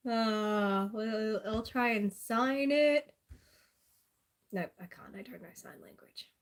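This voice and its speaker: A woman's voice: a little high, takes it slowly. A woman with an Australian accent chatting casually and sarcastically on a live stream, laughing often.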